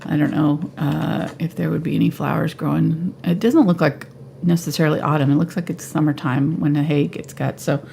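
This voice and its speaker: A woman giving a live painting tutorial at home, relaxed and thinking aloud as she paints. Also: low voice, brisk, creaky, few pauses, a little hiss or hum. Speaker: painting instructor.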